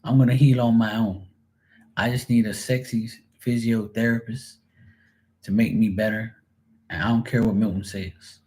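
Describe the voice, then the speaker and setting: A man's voice: on the low side, fairly even intonation, moderate pace, warm tone, natural voice. A man putting on a sassy young woman. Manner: sassy, scolding.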